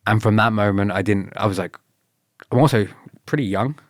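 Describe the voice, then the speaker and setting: A former paratrooper with a British accent talks fairly quickly in a lowish voice as a podcast guest, relaxed and often laughing. He tells his stories in a casual interview, quoting others with sudden energy. It's a dry, clean studio recording.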